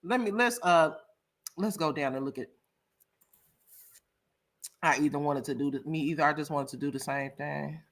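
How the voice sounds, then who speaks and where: A woman hosting a casual live-stream reaction chat who talks in a dramatic, gossipy way, laughs loudly and often, and swings between loud outbursts and quiet asides. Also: sits low, moderate pace, long pauses.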